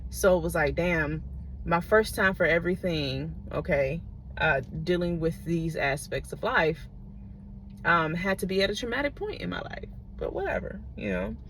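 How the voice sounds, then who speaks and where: A woman's voice: on the low side, a bit bright, slight background noise. Chatty, profane woman telling a story. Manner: chatty, profane, digressive, checks in with listeners. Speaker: vlogger. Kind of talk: casual storytelling.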